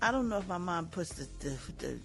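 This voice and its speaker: A man's voice: high-pitched, big pitch swings, gravelly, fairly bright tone, soft background music. A man co-hosting radio, chiming in casually during banter. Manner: agreeable, quick interjections. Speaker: radio co-host.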